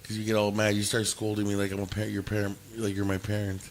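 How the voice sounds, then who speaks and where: A man's voice: on the low side, monotone, fast talker. A man co-hosting a casual podcast, brash and joking, laughing often and trying out put-on accents. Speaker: podcast co-host. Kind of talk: casual chat.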